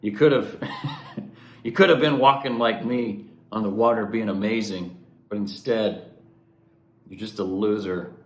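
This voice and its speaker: A man's voice: fairly low pitch, steady tone, a little slow, pauses often, close to an everyday voice. A man voicing a mocking, grumpy old male god who sneers insults, recorded in a roomy space. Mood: sneering. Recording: roomy echo, faint background noise.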